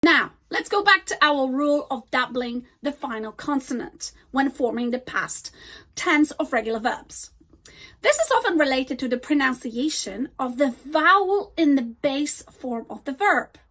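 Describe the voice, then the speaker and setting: A high-pitched woman gives a scripted English grammar lesson. She slows right down to model each example word with care. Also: animated, fairly bright tone. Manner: slow, deliberate modeling of example words. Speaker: English teacher.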